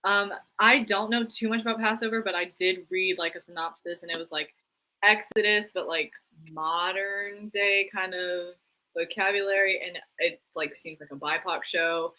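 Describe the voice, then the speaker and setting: A young woman co-hosting a live stream, chatting casually about theater news, full of "like" and quick laughs. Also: medium pitch, fairly even intonation, sharp tone, low-quality recording. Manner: chatty, lots of "like", laughs easily. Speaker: co-host.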